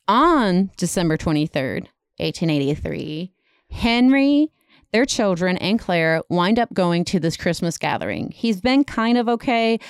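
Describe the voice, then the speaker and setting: A woman with a smooth, clear voice tells a dramatic story in a loose, chatty way, full of "like" and "kind of." The sound is dry and close, with no room around it. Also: mid-range voice, no room sound. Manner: dramatic retelling with many fillers. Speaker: podcast storyteller. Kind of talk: casual storytelling.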